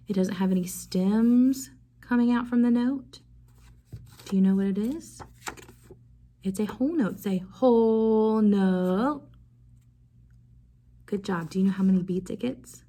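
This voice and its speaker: A young woman music teacher giving a video lesson to young children, slow and encouraging, prompting them to repeat after her. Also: medium pitch, dark tone.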